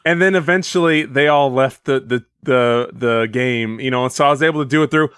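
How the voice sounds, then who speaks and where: A man's voice: medium pitch, brisk, a bit bright, smooth, dry recording, clean studio sound. A man co-hosting a casual gaming podcast, rambling through a story with restarts and laughs. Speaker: podcast co-host.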